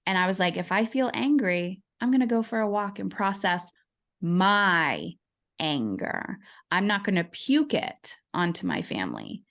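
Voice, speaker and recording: Woman in her forties, podcast guest, lively storyteller who acts out quoted voices. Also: medium pitch, measured pace. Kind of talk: conversational interview.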